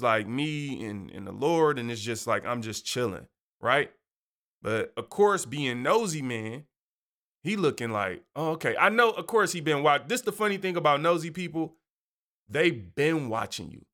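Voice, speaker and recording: A man hosting a show, telling a story in a casual, animated, slangy way and laughing often. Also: mid-range voice. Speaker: podcast host.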